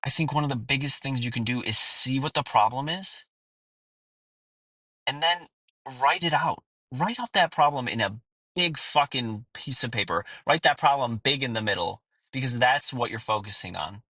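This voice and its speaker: A man's voice: mid-range voice, animated, normal speed, bright, forceful tone, dry recording, poor audio. A man in his thirties hosting a podcast, talking in a candid personal monologue, blunt and earnest with plenty of swearing and fillers. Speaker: podcast host.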